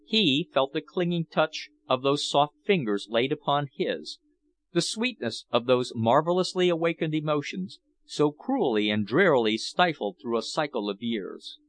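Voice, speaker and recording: Expressive man narrating a novel. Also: medium pitch, unhurried, no echo. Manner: expressive storytelling. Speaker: audiobook reader. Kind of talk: scripted narration.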